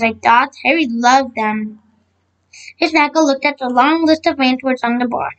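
A woman with a high voice narrates a children's chapter book aloud. She stumbles on words and goes back to fix them, reading at an easy storytime pace. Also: normal speed, a bit bright, highs cut off. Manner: frequent slips and self-corrections. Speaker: storybook reader.

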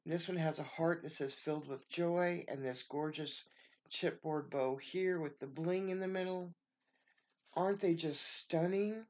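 Slow, gushing woman crafter. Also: low-pitched, a little hiss or hum. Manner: gushing, effusive with thanks. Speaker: craft vlogger opening happy mail. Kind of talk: casual show-and-tell.

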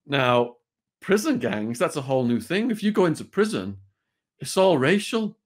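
A man's voice: a little high, big pitch swings, normal speed. A British man, a guest on an interview show, telling a true story in a vivid, blunt way with the odd swear word.

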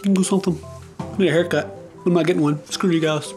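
A man's voice: fairly high pitch, fairly even intonation, fairly quick, darkish tone, faint music behind. A young man vlogging at home, chatting in playful baby talk to his dogs. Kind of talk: casual home vlog. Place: home indoors.

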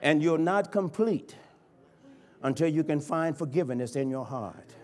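A man, a bishop, preaching a sermon in a church, swinging from hushed pleading to loud, impassioned cries. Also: on the high side, lively intonation, unhurried. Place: church sanctuary.

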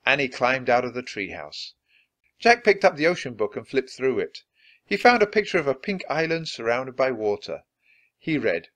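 Lively expressive man reading a storybook. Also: mid-range voice, normal speed. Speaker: storybook reader. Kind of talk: children's book read-aloud.

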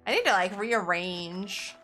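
A woman's voice: mid-range voice, lively intonation, measured pace, sharp tone, faint music behind. A young woman casually talking through a game as she plays, thinking aloud and chatting to viewers. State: has the hiccups. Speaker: gaming channel host. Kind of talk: casual gameplay commentary.

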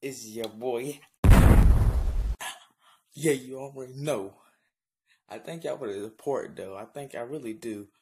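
A man's voice: medium pitch, unhurried, pauses often, very noisy. A man hosting his own channel, chatting casually to the camera in a slangy, rambling way with lots of fillers. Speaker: YouTube channel host. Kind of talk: casual vlog chat to the camera.

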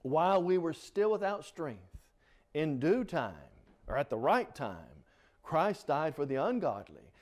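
Guy preaching in a church, voice jumps way up on the verses, kinda high pitched, real animated. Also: a little slow. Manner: rises in pitch and force on scripture quotes, emphatic. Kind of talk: Bible study sermon.

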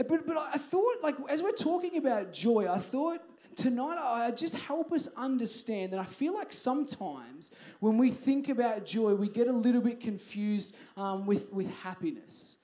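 A man's voice: extremely high pitch, lively intonation, normal speed, dark tone. A young man with an Australian accent giving a chatty, storytelling youth group talk as youth pastor in a youth hall.

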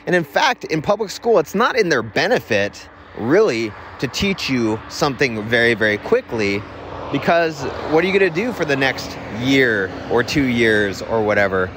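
A man's voice: mid-range voice, sing-song, normal speed. A man hosting his own show, telling a rambling, self-deprecating story in a casual monologue outdoors near a road. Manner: rambling and self-deprecating, with frequent restarts and chuckles. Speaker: podcast host. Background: faint passing traffic.

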